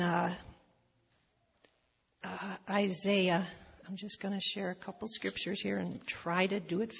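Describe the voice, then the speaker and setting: A woman's voice: on the low side, creaky, husky. An older woman giving an earnest church testimony, reading scripture verses aloud and applying them personally. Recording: dull recording in a reverberant hall.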